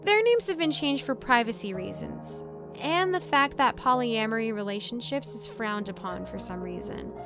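A woman's voice: a little high, expressive, normal speed. Chatty woman telling a creepy story over music. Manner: chatty and rambling, with asides and laughs. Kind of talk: casual first-person story narration. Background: soft background music.

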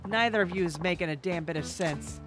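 A woman's voice: lowish voice, fairly quick, natural voice. A woman voicing a tough, brash woman fighter who mocks and bosses people, with game music behind. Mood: gruff. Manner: scornful, swaggering.

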